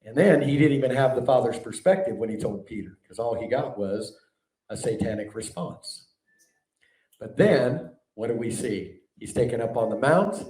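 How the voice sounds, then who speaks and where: A man preaching a sermon to a live audience, animated and conversational, often asking the room questions. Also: mid-range voice. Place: large hall before a live audience. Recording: echoey hall, mic at a distance.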